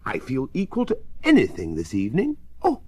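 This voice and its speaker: A man's voice: mid-range voice, huge pitch swings, brisk, darkish tone, breathy edge, dry recording. A man voicing an eager, fussy, formally polite elderly professor in a storybook reading. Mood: excited. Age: older. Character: excitable, courtly elderly male professor.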